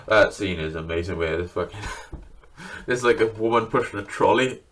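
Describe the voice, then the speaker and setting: A man's voice: sits low, moderate pace, a little hiss or hum. A man chatting casually and enthusiastically to camera, swearing freely as he talks. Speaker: video creator showing his film collection. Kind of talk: casual unscripted chat to camera.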